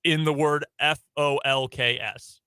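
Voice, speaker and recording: A man's voice: fairly high pitch, fairly even intonation, sharp tone, smooth, no room sound. A man with an Upper Midwest accent from the Chicago area, co-hosting a sports radio show in casual, rambling chat. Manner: chatty, rambling, quick to laugh. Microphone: studio microphone.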